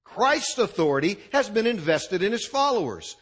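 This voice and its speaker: Animated high-voiced male preacher. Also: moderate pace, husky. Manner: emphatic preacher, punchy repeated lists. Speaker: pastor. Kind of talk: sermon.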